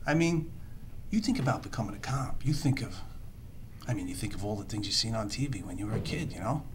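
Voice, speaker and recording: Guy doing a wisecracking new cop, lively up-and-down voice, sardonic, a little hiss of room noise behind. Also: fairly low pitch, fast, lightly acted. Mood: storytelling. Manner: sardonic, rambling anecdotes, streetwise. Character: wisecracking world-weary male NYC cop. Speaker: police detective under evaluation. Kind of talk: film dialogue, storytelling monologue.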